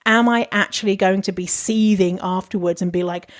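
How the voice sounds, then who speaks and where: A woman's voice: medium pitch, fairly even intonation, moderate pace. Young woman, solo podcast host, frank and chatty with plenty of swearing and laughter. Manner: candid and chatty, swears freely, laughs often. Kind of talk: casual advice monologue.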